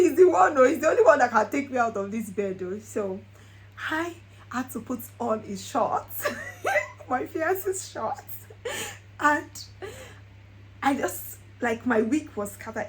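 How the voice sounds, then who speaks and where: A woman's voice: fairly high pitch, slight background noise, rough recording. A young woman, telling a personal story in a casual vlog and laughing often. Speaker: vlogger.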